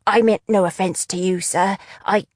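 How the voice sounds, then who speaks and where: A woman's voice: medium pitch, steady tone, normal speed, dry recording, clean studio sound, lightly acted. A woman voicing a nervous, apologetic young male mine worker who tells fortunes, in a storybook reading. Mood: nervous pleading. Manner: pleading and apologetic.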